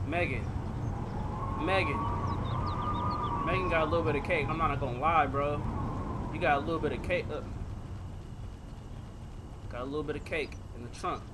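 A man's voice: a little high, moderate pace, long pauses, heavy background noise. A man doing horror game commentary as a gaming video creator, jumpy and talking to viewers, yelping and swearing at the scares.

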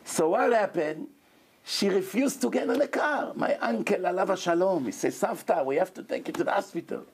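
Animated preaching man. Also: high-pitched, moderate pace, creaky, slight background noise. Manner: animated preaching with acted-out quotes. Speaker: rabbi. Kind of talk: sermon.

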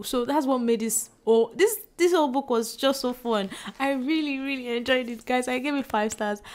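A young woman talks through her monthly reading in a casual, chatty way. She gushes and gets excitable about books she loved. Her voice sits in a middling pitch. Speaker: book vlogger. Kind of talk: casual book review chat.

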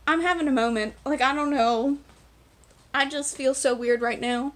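A woman's voice: high voice, fairly even intonation, normal speed, a bit bright. A young woman in her twenties chatting candidly and rambling as a book vlogger. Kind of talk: casual vlog chat.

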